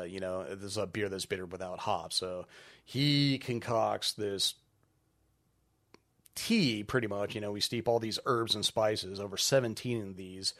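A man who owns a brewery, talking casually as a podcast guest, relaxed and rambling with lots of filler ums. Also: on the low side. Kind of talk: casual interview chat.

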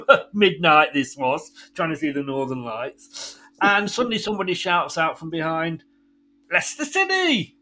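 A man's voice: fairly high pitch, a bit bright. A middle-aged man hosting a radio show, chatting with a caller and laughing through his stories. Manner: chatty storyteller, laughs often. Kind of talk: casual chat with a caller.

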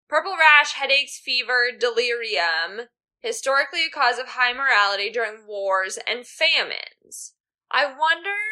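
A woman co-hosts a casual book podcast, chatting away with lots of fillers like "like." Her voice is on the high side, pushed and bright.

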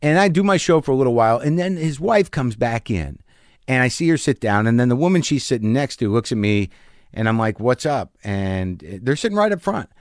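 Animated storytelling man, rapid restarts. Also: mid-range voice, no echo, clean studio sound. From rural Missouri, United States. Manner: animated, acts out the people in his stories; rapid, with many restarts and repeated words. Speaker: comedian guest. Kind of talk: casual storytelling in a podcast interview.

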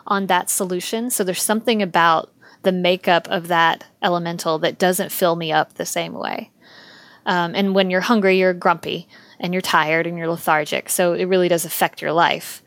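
A woman's voice: on the low side, no room sound. A woman speaking as a podcast guest in a casual interview, talking candidly with frequent ums and easy laughter.

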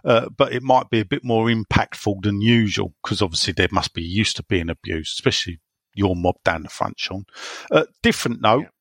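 Blunt bantering man, gravelly voice, dry close sound. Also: on the low side, brisk, a bit bright, dry recording. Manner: blunt, bantering, swears freely. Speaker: podcast co-host. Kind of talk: casual chat.

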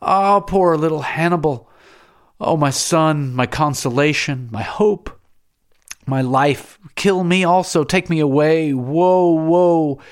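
A man's voice: medium pitch, big pitch swings, fairly quick, pitched above the performer's own voice, close to an everyday voice. A man voicing a proud, stern male lord in an audiobook reading, giving commands and crying out in grief. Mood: wailing. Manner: commanding, then wailing in anguish. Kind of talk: audiobook character voice.

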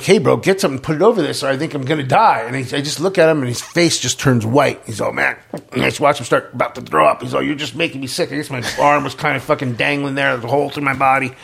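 Gravelly, husky man telling a story. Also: mid-range voice, a bit bright. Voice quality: gravelly, husky, many repeated words and restarts. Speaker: interviewee telling his story. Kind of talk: casual storytelling.

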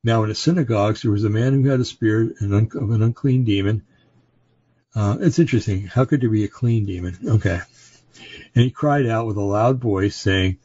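Podcast host, male, low and husky, reads verses and stumbles through his own commentary, dry dull audio. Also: mellow, dry recording. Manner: halting, with many fillers and self-corrections. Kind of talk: reading and commenting on scripture.

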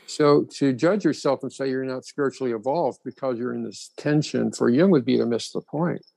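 A man's voice: medium pitch, a little fast, gravelly, darkish tone, dry recording, poor audio. A man explaining ideas thoughtfully in a reflective conversation.

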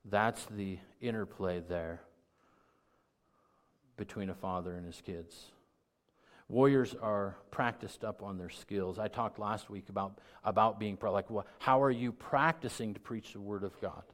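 Middle-aged pastor guy, lowish voice, chatty sermon that swells up loud and punchy. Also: measured pace. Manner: conversational preaching that builds to loud emphatic peaks.

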